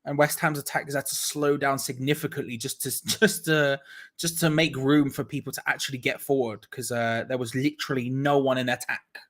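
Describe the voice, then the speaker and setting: A young man giving excitable live fan commentary on a football match, laughing often as he reads out viewers' messages. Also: medium pitch, a little fast. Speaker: watch-along host.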